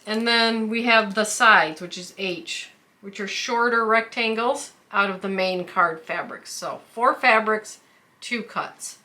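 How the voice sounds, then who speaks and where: A woman's voice: mid-range voice, sharp tone. A woman hosting a quilting tutorial who explains each step carefully, with the odd filler. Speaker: quilting channel host. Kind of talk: craft tutorial.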